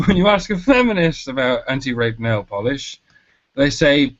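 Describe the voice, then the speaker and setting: A man's voice: mid-range voice, expressive, moderate pace, fairly bright tone. A man co-hosting a podcast, ranting sarcastically and swearing. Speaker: podcast co-host. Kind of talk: sarcastic rant. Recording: dull lo-fi audio.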